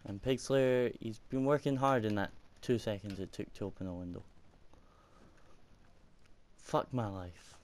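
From his room at home with the window open, a young gaming YouTuber talks through a let's-play into the microphone at his computer, frustrated, cursing, and laughing at himself. He speaks at a measured pace with frequent pauses, in a steady, darkish voice that sits on the low side.

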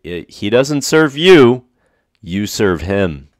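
A man's voice: lowish voice, sing-song, slow pace, no echo, studio quality. A man preaching a sermon, reading scripture aloud and stressing points by repeating phrases.

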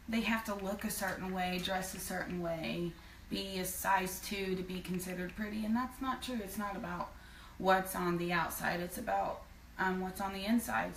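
A woman's voice: mid-range voice, a little hiss or hum. A woman singer in a casual live video chat, speaking earnestly with frequent fillers. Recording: roomy sound from far off.

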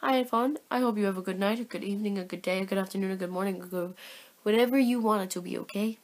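A woman's voice: medium pitch, rapid-fire. A young woman talking casually in a daily vlog, chatty and apologetic, often tired. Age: young adult. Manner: gushing excitement around animals. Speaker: vlogger.

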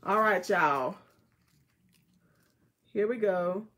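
A woman's voice: mid-range voice, extremely slow, fairly bright tone. A woman hosting a casual live jewelry sale, chatting with viewers and repeating item codes. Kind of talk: casual live selling chat.

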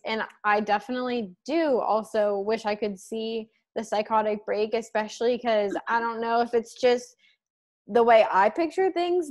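A woman taking part in an online book club, chatty and casual with many filler words. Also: on the high side. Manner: chatty, uses "like" often. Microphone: video call.

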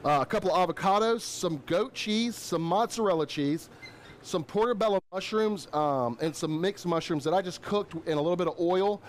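Male chef, upbeat and chatty, high-pitched, cooking demo host. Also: normal speed, a little hiss or hum. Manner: upbeat, chatty, lots of shout-outs.

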